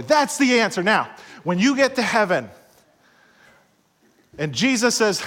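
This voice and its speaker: A middle-aged pastor preaching a sermon, swinging between loud passages and hushed asides and acting out quoted voices. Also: male voice, sits high, very animated, unhurried, pauses often. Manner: acts out quoted voices in short skits.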